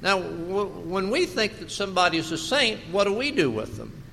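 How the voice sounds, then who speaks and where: A pastor preaching a sermon, slow and emphatic, asking his congregation rhetorical questions. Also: sits high, very animated, gravelly, pushed and bright, big-room sound, slight background noise.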